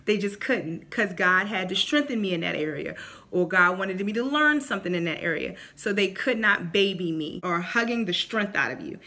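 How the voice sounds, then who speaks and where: Bright-voiced woman giving faith advice. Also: mid-range voice, normal speed. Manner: animated, acts out quotes in voices. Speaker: faith vlogger. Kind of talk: casual faith talk to camera.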